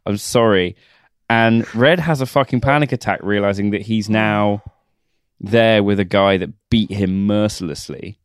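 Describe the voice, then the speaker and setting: Reflective man with a low voice. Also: normal speed, smooth, no echo, clean studio sound. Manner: detailed, reflective retelling with many restarts. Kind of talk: casual film discussion.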